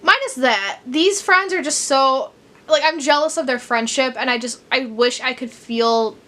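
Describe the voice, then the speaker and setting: Bright-voiced young woman, rambling chatter. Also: high voice, unhurried. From Chicago, USA. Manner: rambling, frequent fillers like "like". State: teary, crying at times. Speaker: book vlogger. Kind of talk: casual vlog chat.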